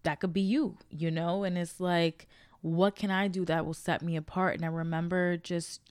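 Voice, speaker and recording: A woman's voice: on the low side, level tone, normal speed, darkish tone, smooth, dry recording. A young adult woman hosting a podcast, telling a personal story in a chatty, slangy way and speaking straight to her listeners. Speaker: podcast host. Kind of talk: casual motivational storytelling.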